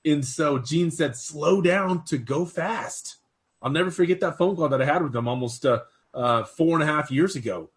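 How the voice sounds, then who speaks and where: A man excitedly telling a personal story, rambling with fillers and restarts. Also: a little high, brisk. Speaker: interview guest.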